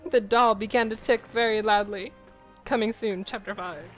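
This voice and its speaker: A woman's voice: medium pitch, steady tone, moderate pace, a bit bright, soft background music, low-quality recording. Giggly woman reading aloud. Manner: giggly, keeps breaking into laughter. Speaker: co-host of gameplay channel. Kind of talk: reading fan fiction aloud over gameplay.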